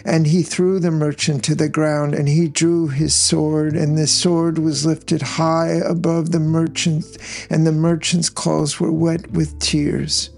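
A man telling an old tale aloud in a measured, unhurried storytelling manner, with faint music behind him. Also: on the high side, flat delivery, gravelly, a little mellow. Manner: unhurried, measured, with voiced characters in dialogue. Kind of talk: slow storytelling narration.

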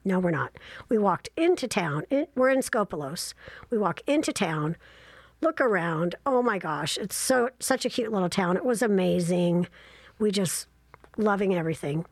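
A woman in her sixties telling a casual travel story, chatty and self-deprecating with animated asides. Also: medium pitch, moderate pace, dry recording.

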